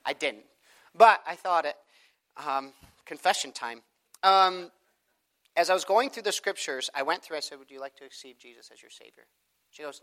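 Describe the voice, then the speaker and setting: A man preaching a sermon, telling a personal story in an animated way and acting out the people in it. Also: a little high, normal speed. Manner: animated storytelling, acts out quoted voices.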